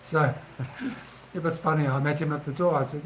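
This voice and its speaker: A man in his sixties tells anecdotes in a chatty, casual way and laughs easily. His voice sits slightly high for a man. Faint ambient noise can be heard behind him. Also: steady tone, moderate pace, a bit bright, poor audio. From England. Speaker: vlogger. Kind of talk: casual storytelling.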